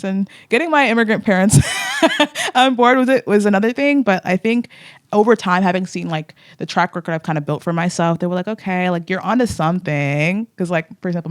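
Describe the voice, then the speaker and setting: A woman's voice: lowish voice, dry recording, clean studio sound. A young woman in her twenties, a podcast guest chatting casually and full of fillers. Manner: chatty, filler-heavy, lively. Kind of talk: casual interview chat.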